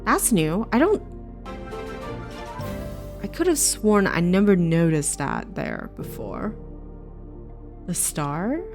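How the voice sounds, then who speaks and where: A woman's voice: fairly low pitch, huge pitch swings, slow, long pauses. A woman game streamer reading a game aloud and chatting casually with viewers, often correcting herself. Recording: clear background music.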